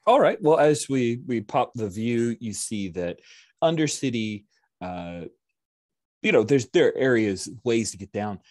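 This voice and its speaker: A man's voice: mid-range voice, lively intonation, measured pace, darkish tone, no echo, clean studio sound. A man narrating a tabletop game as game master, chatty and enthusiastic.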